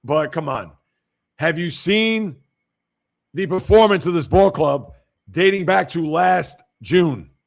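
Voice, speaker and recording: Opinionated male sports host with gravelly voice. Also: fairly high pitch, slow pace. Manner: opinionated, reacting to viewer comments; blunt and emphatic when criticizing. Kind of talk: casual livestream sports commentary.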